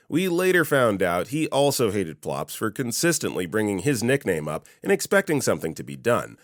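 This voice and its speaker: A man with a low-pitched voice and a lively, rising-and-falling delivery reads an online story aloud in a wry way. The recording is close and dry, with no room sound. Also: no room sound. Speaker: story narrator. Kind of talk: reading a Reddit story aloud.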